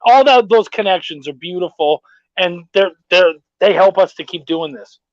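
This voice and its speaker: A man's voice: sits high, animated, moderate pace, no room sound. A man hosting a casual podcast, telling stories with plenty of swearing and reading out viewer comments. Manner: profane, storytelling, laid-back. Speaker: podcast host. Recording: dull dry lo-fi sound.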